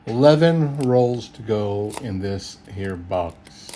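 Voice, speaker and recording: Slow, mellow-voiced folksy man. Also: on the low side, lively intonation, a little hiss or hum. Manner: chuckling, easygoing, folksy, thinks aloud. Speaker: coin roll hunter. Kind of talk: casual solo video commentary.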